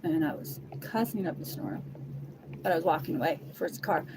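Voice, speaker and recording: A woman's voice: deep voice, lively intonation, brisk, gravelly. A woman telling a personal testimony in an emotional first-person way, blunt and heavily profane. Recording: noisy background.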